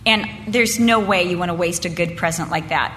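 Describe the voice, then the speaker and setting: An older woman telling a family story and preaching at a women's Christmas event, moving from lively storytelling into earnest preaching. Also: lowish voice, normal speed. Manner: animated storytelling, acting out family voices, then earnest preaching. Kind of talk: storytelling sermon. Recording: reverberant hall with faint background noise.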